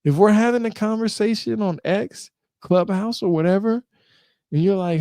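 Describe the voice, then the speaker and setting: A man hosting a casual live talk, reading passages from an old book aloud and commenting in an animated way, repeating himself and joking. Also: high voice, normal speed, no room sound, clean studio sound. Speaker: host.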